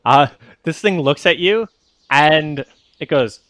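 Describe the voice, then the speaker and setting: A man's voice: on the high side, expressive, slow, a bit bright, no echo. A man running a tabletop game as game master, describing things in a meandering way with many fillers.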